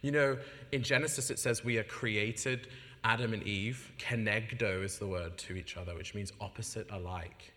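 A man giving an animated personal testimony as a guest preacher, acting out the voices of the people in his story and laughing often. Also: fairly low pitch, moderate pace. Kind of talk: testimony in a sermon. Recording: long hall reverb.

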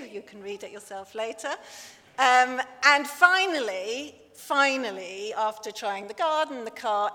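A woman preaching in a church, her voice a little higher than most. She talks in a chatty way with gentle self-deprecating humour, and long reverb trails behind her words. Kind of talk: sermon.

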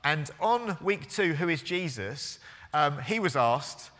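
This pastor, a man in his forties, speaks slowly in a highish, slightly bright voice that's very animated. During his sermon in a church hall full of long reverb, he narrates a story with hesitant restarts and plays both roles in the exchange.

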